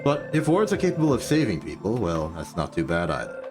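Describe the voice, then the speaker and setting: An actor playing a gentle, reflective male clinical psychologist in a game cutscene. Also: low voice, music in the background. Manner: calm, reflective, measured.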